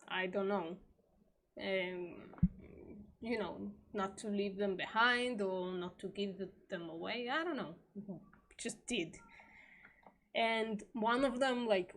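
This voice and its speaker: Slow-talking woman, foul-mouthed and tearful. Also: medium pitch. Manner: slow, swears often, emotional asides. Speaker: streamer reading an article. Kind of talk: live-stream commentary.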